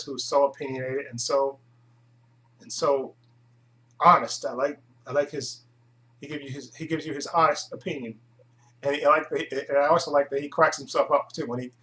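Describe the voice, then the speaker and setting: A YouTube channel host chats casually to camera on his own channel, rambling with many hesitations and restarts. His mid-range voice is a bit bright, and the audio is poor.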